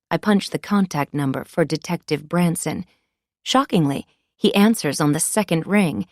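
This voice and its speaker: Woman audiobook narrator, lower pitch, measured confiding first-person delivery. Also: lively intonation, a little mellow, no room sound, clean studio sound.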